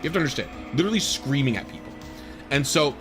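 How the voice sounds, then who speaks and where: A man's voice: mid-range voice, animated, fast talker, music in the background. Rambling man telling a story. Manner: rambling, filler-heavy, exasperated. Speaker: streamer. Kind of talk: casual storytelling while gaming.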